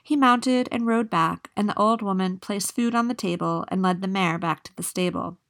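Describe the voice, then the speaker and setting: A woman reading a fairy tale aloud in a steady, measured way. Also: medium pitch. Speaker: storyteller.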